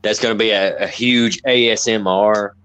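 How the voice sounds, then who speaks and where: A man's voice: on the low side, steady tone, normal speed, a bit bright, clear, resonant tone, low-quality recording. A man, co-hosting a casual chat in a laid-back way and laughing often. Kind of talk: casual group chat on a livestream.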